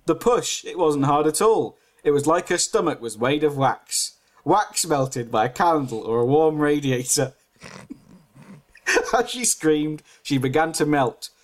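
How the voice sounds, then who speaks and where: A man's voice: fairly high pitch, expressive, a little slow. A man reading his own story aloud on a podcast, giggly and self-mocking, breaking off to comment.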